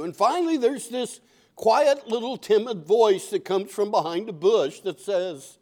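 High-voiced older male preacher. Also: expressive, measured pace, dark tone. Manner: conversational, repeats key phrases. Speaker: pastor. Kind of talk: sermon.

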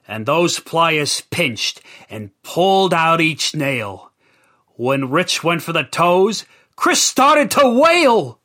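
A man narrating a dark comic rhyming tale with a theatrical delivery. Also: a little high, sing-song, slow pace. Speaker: storyteller.

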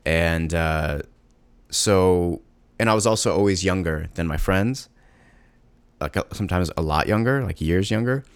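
A man with a low, deep voice speaks haltingly about being a parent, circling back with fillers and restarts. The sound is dry and close, with no room around him. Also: no echo. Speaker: parent of a young child. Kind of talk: personal monologue.

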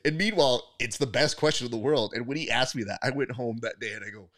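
A man hosting a casual podcast interview, telling lively coaching stories with acted-out voices and some swearing. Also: mid-range voice, fast. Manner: animated storyteller, acts out voices in anecdotes, swears. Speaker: podcast host, wrestling coach.

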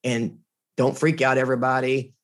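A man, a guest in a conversation, telling a personal story in an animated, earnest way. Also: mid-range voice, moderate pace.

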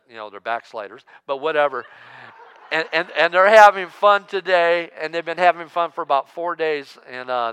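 A man in his sixties preaching a sermon as pastor, joking and emphatic, swinging between loud outbursts and hushed asides. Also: medium pitch, clean tone, in a large hall. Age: 60s.

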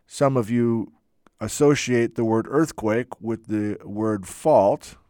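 A man teaching geology in a lively lecture, chatty and self-deprecating, with playful asides. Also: lowish voice, takes it slowly, no echo, clean studio sound. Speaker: geology instructor. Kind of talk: enthusiastic lecture.

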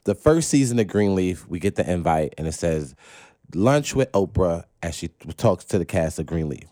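A man's voice: deep voice, normal speed. A man on a podcast telling a story with lots of energy, slangy and laughing, acting out voices as he goes. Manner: lively, acts out voices in his stories. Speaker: podcast guest. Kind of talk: animated storytelling.

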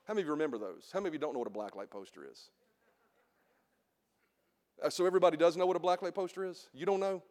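A middle-aged male pastor preaching a sermon, calling for congregation responses and swinging between soft asides and shouted emphasis. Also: fairly high pitch, very fast, long pauses, in a large hall. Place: church sanctuary.

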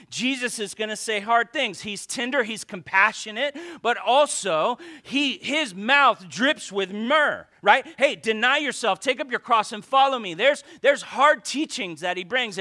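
A male pastor preaching a lively sermon, joking with the congregation and reading scripture aloud. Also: high voice. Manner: animated preaching with asides and jokes to the congregation.

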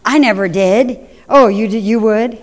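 A woman's voice: on the high side, unhurried, noisy background. Middle-aged woman preacher, conversational storytelling sermon, long hall echo. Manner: conversational, anecdotal, addresses the congregation. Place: church hall. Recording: echoey hall reverb.

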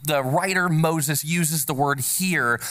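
A man's voice: a little high, slow, a bit bright. A man preaching a sermon to his congregation in a church. He speaks emphatically, repeats key phrases and asks the congregation to say words back to him. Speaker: pastor. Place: church sanctuary.

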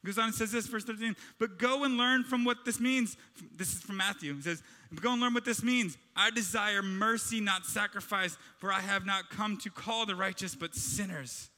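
Bright high-voiced preaching man. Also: normal speed, long reverb tail. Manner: animated, conversational preaching with acted-out quotes. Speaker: pastor. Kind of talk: sermon.

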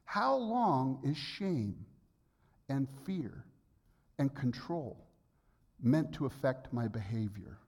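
Man in his sixties, pastor, sermon, personal storytelling, emphatic bursts, mid-pitched voice. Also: very animated, slow pace, long pauses, darkish tone. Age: 60s.

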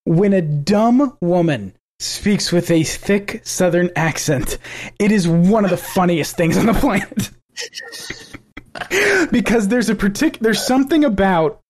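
A Southern American man co-hosts a podcast, chatting casually and laughing often while mocking what he hears. His voice is high-pitched with a darkish tone.

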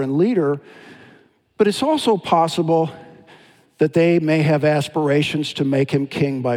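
A pastor preaching a sermon, telling Bible stories in an animated, dramatic way. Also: male voice, fairly high pitch. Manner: storytelling, animated with dramatic retellings. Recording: long hall reverb.

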